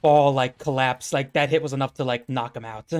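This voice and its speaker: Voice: mid-range voice, fairly even intonation, brisk, darkish tone, clean tone, faint music behind. A young adult game master narrating a tabletop fight, with many fillers like "uh" and "like". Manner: hesitant, full of "like" and "uh".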